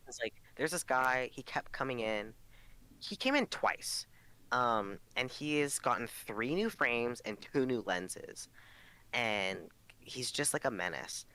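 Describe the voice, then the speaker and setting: A man's voice: medium pitch, animated, slow, bright, forceful tone, smooth. A young man co-hosting a podcast, telling rambling work stories in casual chat, full of fillers and swearing. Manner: rambling storytelling, heavy swearing, lots of fillers. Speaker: podcast co-host.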